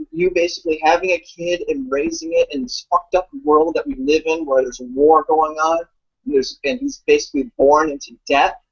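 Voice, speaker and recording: Animated husky man, lo-fi. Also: fairly high pitch. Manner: animated, profane, rambling with fillers. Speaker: guest commentator. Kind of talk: casual chat. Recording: dull lo-fi audio.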